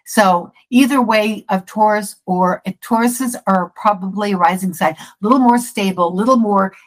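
A woman's voice: mid-range voice, moderate pace, low-quality recording. Chatty middle-aged woman psychic. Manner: chatty, self-interrupting, restarts sentences. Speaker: psychic guest. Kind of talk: casual interview chat.

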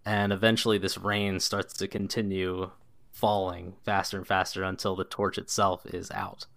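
A man's voice: low voice, level tone, moderate pace, vocal fry, a bit bright. A man narrating as game master of a tabletop game, in a loose, descriptive way with lots of casual filler words.

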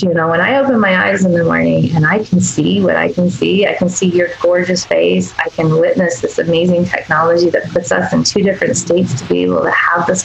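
A woman's voice: lowish voice, creaky, reverberant, a little hiss or hum, poor audio. A woman speaking as the guest doctor in a podcast interview, earnest and emphatic, sometimes acting out tender quoted asides.

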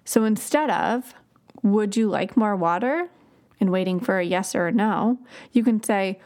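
A woman's voice: mid-range voice, measured pace, darkish tone. A woman hosting a podcast, explaining child development in a conversational way with example phrases to children. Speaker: podcast host.

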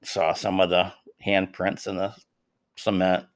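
A man's voice: low voice, completely flat delivery, unhurried. A man with a Detroit accent, co-hosting a podcast in casual chat, easygoing and chiming in with agreement. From Michigan. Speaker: podcast co-host.

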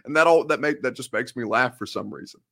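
A man's voice: mid-range voice, gravelly, a bit bright. A man around thirty hosting a casual live show, rambling and cutting himself off, laughing often. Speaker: podcast host and sports reporter. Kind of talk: casual live-show chat, reading viewer comments.

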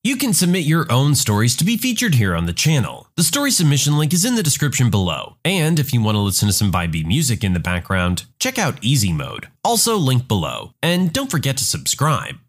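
A male host reads stories aloud and adds his own remarks. His voice is mid-pitched and swings widely in expression. The delivery is lively and animated. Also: brisk, hardly any pauses. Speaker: story narrator and channel host. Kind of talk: reading stories aloud with commentary.

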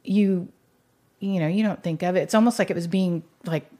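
A woman's voice: lowish voice, a little fast, dark tone. A middle-aged woman telling her conversion story in a conversational way, emotional and rambling, with many restarts and "you know"s. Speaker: guest sharing her faith story. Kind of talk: conversational testimony.

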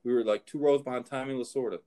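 A man's voice: mid-range voice, steady tone, quick pace, warm tone. A middle-aged man, a show host and horse trainer, telling rambling anecdotes in casual chat. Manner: rambling anecdotes, frequent restarts.

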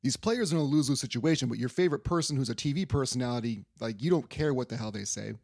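A man's voice: mid-range voice, fast, gravelly, darkish tone, no echo, studio quality. A young man hosting a casual sports podcast, rambling loosely and swearing offhand. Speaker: podcast host.

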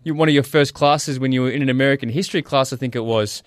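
A man hosts a casual interview, feeding his guest eager questions at a quick clip. His pitch is middling and the recording is dry and close. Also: no echo. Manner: encouraging, prompting questions. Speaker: interviewer, host.

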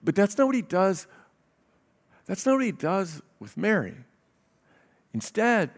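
A man delivers a sermon in a fairly high voice, earnest and direct. He reads scripture aloud between his points and often repeats a word as he restarts a sentence. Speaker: pastor.

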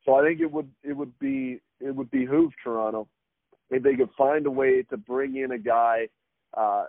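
Male guest analyst, deliberate and hedging, tinny dry phone-line sound. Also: mid-range voice, vocal fry, no echo. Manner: measured, hedging, frequent fillers and restarts.

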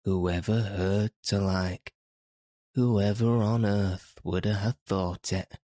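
A man's voice: fairly low pitch, steady tone, slow pace, mellow, dry recording, clean studio sound. A man doing an astonished Yorkshire housekeeper. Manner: astonished exclamations. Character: astonished middle-aged housekeeper woman. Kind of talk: storybook reading.

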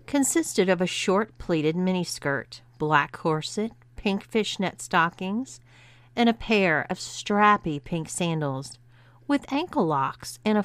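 A woman narrating an erotic audiobook in a measured, steady storytelling manner. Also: mid-range voice, clear, resonant tone, dry recording.

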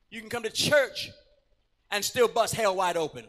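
Middle-aged male pastor from Puerto Rico, very high tenor, fiery storyteller, long church reverb. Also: normal speed. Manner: dramatic storytelling, acting out scenes, rising to shouts. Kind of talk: sermon.

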